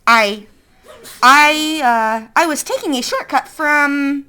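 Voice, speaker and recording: A woman's voice: high-pitched, takes it slowly, sharp tone, voice pushed up, full character voice. A woman voicing a frightened, injured young boy who stammers defensively in a read-aloud children's story. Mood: nervous.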